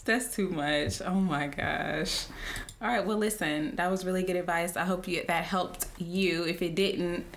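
A young adult woman hosting a podcast, reacting quickly in casual chat and wrapping up the episode. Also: on the low side, fairly even intonation, slight background noise. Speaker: podcast host.

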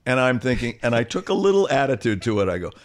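A man in his sixties, an actor guest telling an animated anecdote and acting out other people's voices. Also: mid-range voice, fast. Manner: animated storyteller, acts out quoted voices. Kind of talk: conversational anecdote.

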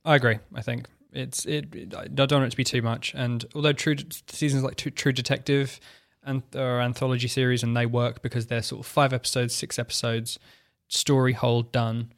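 Flat, gravelly man thinking aloud. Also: medium pitch. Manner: halting, thinks aloud with restarts. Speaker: podcast co-host. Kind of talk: casual podcast chat.

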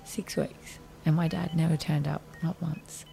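A woman's voice: sits low, level tone, moderate pace, vocal fry, mellow, soft background music. An Australian woman in her thirties, a podcast guest frankly telling a personal story in a conversational way, acting out what people said. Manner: frank, conversational, reenacts dialogue with many fillers.

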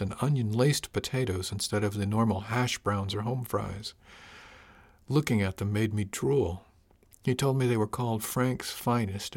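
A man reading a first-person story aloud as audiobook narrator, wry and even. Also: lowish voice.

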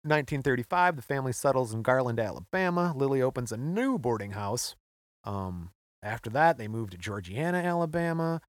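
A man co-hosting a podcast, relaxed as he recounts a history story and laughing often. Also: medium pitch, fairly quick, dry recording. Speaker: podcast co-host. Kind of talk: casual storytelling chat.

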